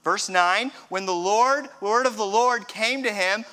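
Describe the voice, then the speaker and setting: A man preaching a sermon, retelling a scripture story with dramatic pauses and a hushed drop near the end. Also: sits high, clear, resonant tone. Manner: storytelling, dramatic drops to a hush.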